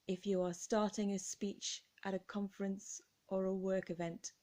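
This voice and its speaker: A woman with an English accent teaching pronunciation in a slow, carefully enunciated style with encouraging words. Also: medium pitch, warm tone. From England. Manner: careful, deliberate articulation with encouraging tone. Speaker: English teacher and vocal coach.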